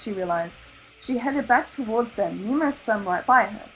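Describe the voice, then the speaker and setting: A woman with an Australian accent reading a children's novel aloud in an animated, expressive way. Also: on the high side, moderate pace, faint music behind, rough recording. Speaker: storybook reader.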